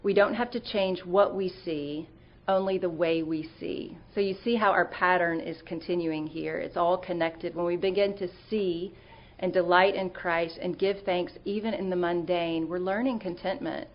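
A woman's voice: on the low side, fairly even intonation, moderate pace, lo-fi sound. A middle-aged woman giving an earnest, conversational sermon talk, telling stories with fillers and restarts.

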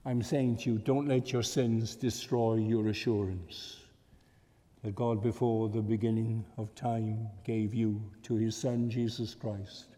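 A man delivers a sermon in a slow, deliberate way, his voice dark and mellow. He rises to fervent emphasis and then drops to a hush. The sound carries a long reverb, as in a church hall. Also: lowish voice, flat delivery. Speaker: preacher.

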